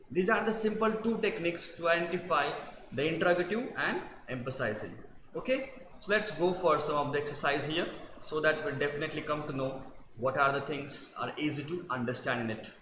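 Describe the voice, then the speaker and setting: A man takes a class through grammar revision. His voice is bright and sharp-edged, and he goes over each point patiently, checking in with the class as he goes. The recording sits in a roomy space with a faint hiss underneath. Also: on the high side. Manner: patient, repetitive explaining with check-ins to the class. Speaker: teacher. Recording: echoey room with long reverb and faint noise.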